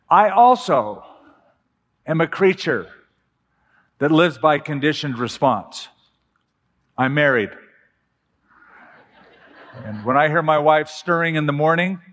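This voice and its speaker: A middle-aged man preaching a sermon as a pastor, telling stories with slow, emphatic pauses. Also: fairly high pitch, a bit bright. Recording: long hall reverb with faint music.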